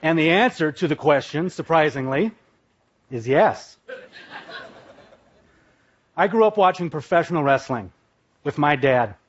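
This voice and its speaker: Man from Minnesota, stage storyteller, vivid and dramatic, slightly high voice, muffled sound. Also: animated, a little slow, long pauses. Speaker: speaker, former pro wrestler. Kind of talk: live stage talk, storytelling. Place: on stage at a live event. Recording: dull, lo-fi live recording.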